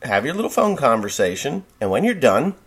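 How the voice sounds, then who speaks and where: A man's voice: medium pitch, sing-song, brisk, husky. A man from New Jersey hosting a farm podcast, telling a rambling story in a casual monologue.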